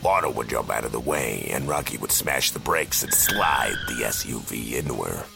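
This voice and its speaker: A man narrating a fan audio drama with deadpan, dry asides. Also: very deep voice, moderate pace, creaky, over music. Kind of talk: storytelling narration.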